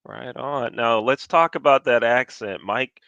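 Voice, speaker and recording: Older guy host, gravelly, bouncy voice, bright and dry. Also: medium pitch, unhurried, no room sound, highs cut off. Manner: playful, lively questioning. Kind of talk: interview.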